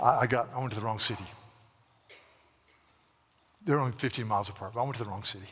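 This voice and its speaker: Male Baptist pastor, husky, folksy storyteller turned emphatic preacher, echoing church sanctuary. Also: medium pitch, fairly bright tone. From South Carolina, USA. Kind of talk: sermon with storytelling. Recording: long reverb of a large hall.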